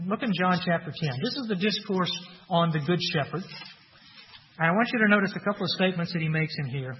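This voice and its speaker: Man preaching in a reverberant hall. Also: sits high. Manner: earnest preaching, rising loud for emphasis, dropping soft for weight. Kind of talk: sermon. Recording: dull sound with long hall reverb.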